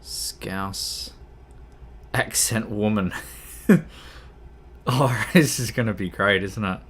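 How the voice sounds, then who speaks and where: A man's voice: on the low side, slow, fairly bright tone, slight background noise. A man chatting casually on a gaming livestream, rambling and easily distracted. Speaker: streamer.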